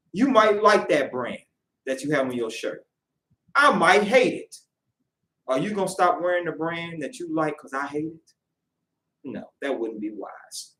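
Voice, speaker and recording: A man leading a Sabbath lesson, talking conversationally and checking in with rhetorical questions. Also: fairly high pitch. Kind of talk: lesson with storytelling. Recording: roomy echo, mic at a distance.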